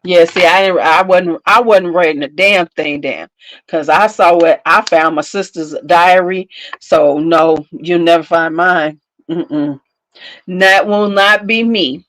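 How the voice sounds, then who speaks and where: A woman's voice: fairly low pitch, slow, fairly bright tone, slight background noise, rough recording. A woman in her fifties hosting a casual livestream chat from home, telling stories with frequent laughs and talking back to her viewers. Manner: chatty storyteller, laughs often, talks back to viewers. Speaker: beauty channel host.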